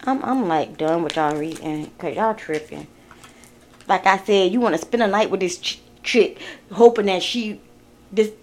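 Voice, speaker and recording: A woman giving a casual tarot reading, talking bluntly and with exasperation, swearing as she addresses the viewer directly. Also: a little high. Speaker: tarot card reader.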